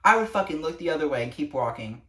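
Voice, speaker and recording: A woman's voice: sits low, lively intonation, fast, fairly bright tone. A teenage girl vlogging, ranting to camera with lots of swearing and exasperation. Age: teens. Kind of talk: casual rant to camera. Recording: echoey room, distant mic.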